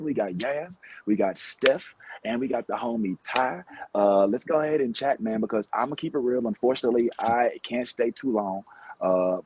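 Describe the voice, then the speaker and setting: Male host, easygoing and halting, faint background ambience, video call. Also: fairly low pitch, darkish tone, slight background noise, rough recording. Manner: loose, hesitant, many fillers. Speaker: podcast host. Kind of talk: casual chat.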